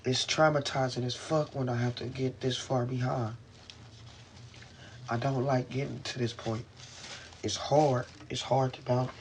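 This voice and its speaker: A man's voice: medium pitch, little pitch movement, unhurried, pauses often, slight background noise. A man venting into his camera in a rambling, profane, frustrated way while in pain, speaking from inside a car. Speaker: vlogger.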